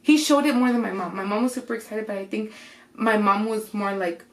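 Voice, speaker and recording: A young woman chats through a personal story for her vlog. Her voice has a gravelly fry, and she slips into quoted voices. The sound carries a roomy echo. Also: medium pitch, a little fast. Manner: animated retelling that jumps into quoted voices. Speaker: vlogger. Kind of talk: casual storytime.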